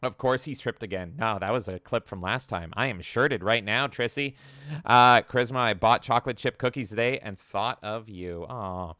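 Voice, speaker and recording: A man's voice: fairly low pitch, moderate pace, sharp tone, no room sound, studio quality. A man co-hosting a gaming podcast in casual chat, jokingly reading out live chat comments. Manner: chatty, jokey, reads chat comments aloud. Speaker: podcast co-host.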